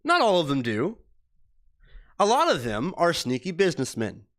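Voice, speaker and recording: A man's voice: fairly high pitch, wildly swooping pitch, moderate pace, fairly bright tone. A man in his thirties rants on a live stream in a profane, heated, rambling way. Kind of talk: casual ranting live stream chat.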